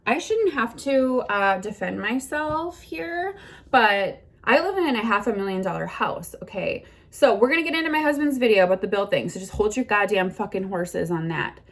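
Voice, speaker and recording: A woman's voice: medium pitch, animated, moderate pace. A middle-aged woman vlogging a defensive rant, blunt and indignant, swearing a lot.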